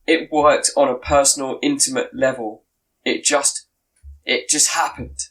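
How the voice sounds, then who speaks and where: A man's voice: medium pitch, steady tone, measured pace, a bit bright, rough recording. A man co-hosting a podcast in casual chat, making long, opinionated points. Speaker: podcast co-host.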